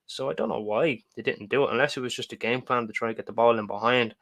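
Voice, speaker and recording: A man's voice: medium pitch, fast talker, gravelly, a bit bright. A man co-hosting a football podcast, chatting and stammering at the starts of sentences. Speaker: podcast co-host. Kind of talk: casual football podcast chat.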